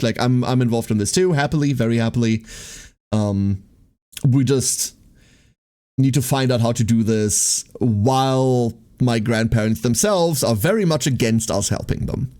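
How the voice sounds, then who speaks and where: A man's voice: mid-range voice, a little slow, darkish tone, smooth. Young guy streamer rambling to chat, tons of "like", swears a lot, just venting. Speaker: livestreamer. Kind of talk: casual venting chat with viewers.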